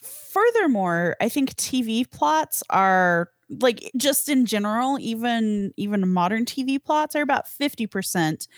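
A woman's voice: on the high side, very animated, unhurried, dry recording, studio quality. Thoughtful female podcast guest. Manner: thoughtful, reflective commentary. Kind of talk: casual podcast chat.

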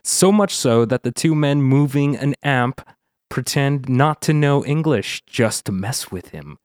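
A man hosts a casual podcast at an ordinary pitch, recapping episodes briskly with a wry, sarcastic edge. The sound is dry and close, with no room around it. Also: lively intonation, a little mellow, no room sound. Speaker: podcast host.

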